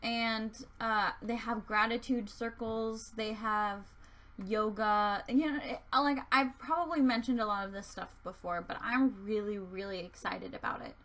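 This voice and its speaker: A woman's voice: medium pitch, steady tone, a little slow, a bit bright. A woman vlogging casually from home, rambling and chatty with lots of hesitant fillers. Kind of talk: casual vlog chat. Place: at home near her desk.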